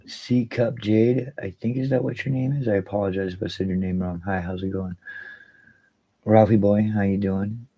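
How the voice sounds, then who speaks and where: A man's voice: fairly low pitch, steady tone, normal speed, warm tone, slightly rough, dry recording, rough recording. A man hosting a casual livestream, rambling and swearing freely while greeting viewers by name. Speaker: livestream host.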